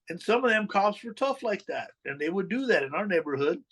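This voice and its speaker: A middle-aged man with a somewhat high voice relates his past to a podcast host in candid storytelling. He talks in blunt street slang and swears freely. He slips into the voices of the people he quotes. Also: very animated, fairly quick, a bit bright, husky, low-quality recording. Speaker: podcast guest telling his life story.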